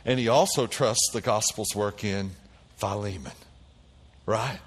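A man preaching a sermon, calling out to the congregation and swinging between quiet low passages and loud high bursts. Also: a little slow, slightly rough, in a large hall. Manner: animated preaching with call-and-response. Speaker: pastor.

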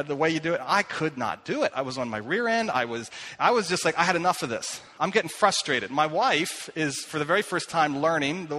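A man's voice: on the high side, pushed and bright. A middle-aged man preaching a sermon, telling self-deprecating personal stories with many fillers and restarts. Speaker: pastor. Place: church hall. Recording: long hall reverb.

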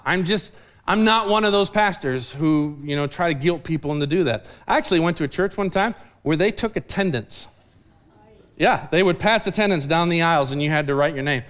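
Joking pastor with a high voice. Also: male voice, a bit bright. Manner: casual, joking storyteller acting out people's lines. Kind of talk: sermon. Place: church sanctuary.

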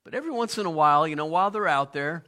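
A middle-aged pastor delivering a sermon with a bright, forceful voice pitched a little high. He talks in a conversational way and keeps turning to the congregation with questions like he's chatting with them. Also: lively intonation, racing.

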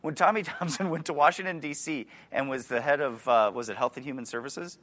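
A man's voice: medium pitch, a little fast, a bit bright. A man in his forties with a Wisconsin accent, preaching a sermon in a conversational way and putting questions to his listeners. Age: 40s. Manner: conversational, asks the audience questions, restarts words.

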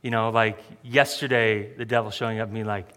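A man's voice: fairly low pitch, level tone, a little fast, fairly bright tone, big-room sound, slight background noise. A male pastor preaching a sermon in a joking, self-deprecating way, often laughing at his own remarks.

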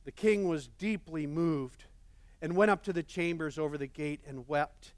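A man's voice: on the high side, a little slow, no echo, studio quality. A male pastor preaching a sermon, earnest and repeating words for emphasis.

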